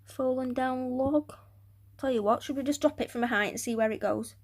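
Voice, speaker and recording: A woman chatting casually through a hobby build of a tarantula enclosure, rambling and often dropping to quiet muttering and whispers as she works. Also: on the high side, fast talker. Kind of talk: casual crafting vlog narration.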